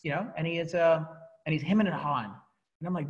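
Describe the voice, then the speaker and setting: A man giving a motivational talk to a coaching team, telling his story in an animated way and often restarting his sentences. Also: a little high, fast talker, highs cut off. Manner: animated storytelling, repeats words and restarts, laughs at himself.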